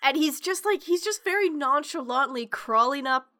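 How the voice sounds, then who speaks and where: A woman's voice: high-pitched, lively intonation, moderate pace, bright, forceful tone. A young woman co-hosting a casual chat, giggly and chatty with lots of filler words.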